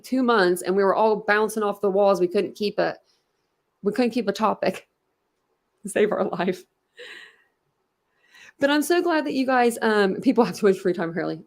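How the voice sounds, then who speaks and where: Woman livestreaming from home, gravelly fry in her voice, rambly chat w viewers. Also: a little high. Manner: chatty, reads and answers viewer chat. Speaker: true crime livestream host.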